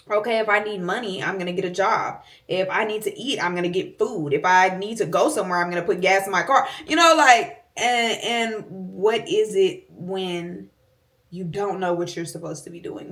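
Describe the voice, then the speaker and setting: Girl in her 20s venting to her camera at home, lowish voice, kinda far from the mic. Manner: candid, venting, rambling with many "like"s. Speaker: vlogger and sports reporter. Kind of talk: casual vlog chat.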